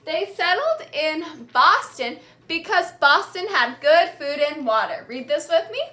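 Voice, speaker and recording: A woman teacher giving a classroom lesson, speaking slowly and clearly and repeating key words for the class to echo back. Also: extremely high pitch, sing-song, pushed and bright. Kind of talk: classroom lesson with call-and-response reading.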